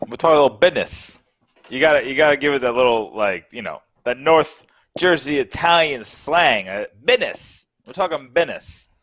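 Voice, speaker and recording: A man's voice: mid-range voice, lively intonation, normal speed, a bit bright, no room sound, close to an everyday voice. A man putting on the voice of a North Jersey Italian mobster with a slangy tough-guy drawl. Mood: swaggering.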